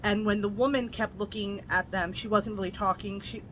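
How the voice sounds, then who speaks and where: A woman's voice: mid-range voice, steady tone, moderate pace, a bit bright, slight background noise, poor audio. A woman casually recapping and reviewing a novel, chatty, with lots of "like" and blunt asides. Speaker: book reviewer.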